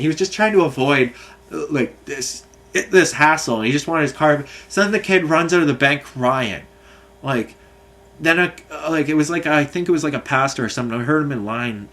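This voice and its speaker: A man's voice: mid-range voice, sharp tone. A man telling a rambling, indignant story, swearing freely as he rants. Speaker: vlogger. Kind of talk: ranting anecdote.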